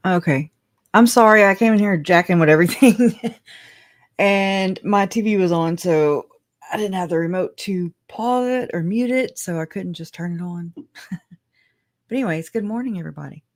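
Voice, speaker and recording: A woman's voice: on the low side, moderate pace, no room sound, clean studio sound. A woman with a country Louisiana accent hosting a live stream, talking in a rambling, chatty way and laughing often. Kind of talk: casual live commentary. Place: home room.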